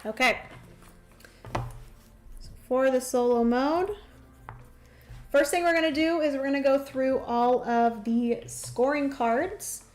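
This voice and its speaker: A woman's voice: high voice, takes it slowly, long pauses. A young woman livestreaming a solo board game, thinking aloud through her moves and chatting with viewers. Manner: chatty, thinks aloud while playing, greets chat warmly.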